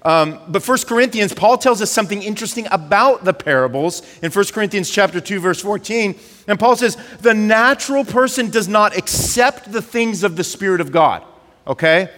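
A male pastor, giving a conversational, animated sermon and leaning on filler words. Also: sits high, normal speed, big-room sound.

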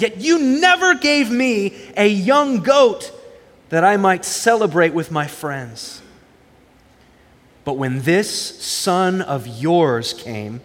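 A man's voice: high-pitched, fairly bright tone, pitched above the performer's own voice, full character voice. A man reading scripture aloud, voicing a resentful grown older son in a reverberant hall.

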